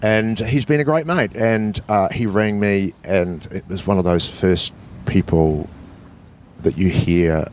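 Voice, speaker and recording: Low-voiced man with a New Zealand accent. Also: slow pace, darkish tone, slight background noise. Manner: rambling, many restarts, laughs through lines. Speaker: guest telling his story. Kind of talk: casual storytelling.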